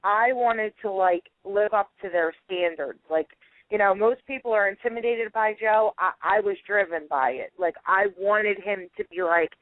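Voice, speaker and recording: A woman's voice: mid-range voice, moderate pace, dry recording. A woman guest telling stories in a chatty way and laughing often, heard over a phone line. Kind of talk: casual phone interview.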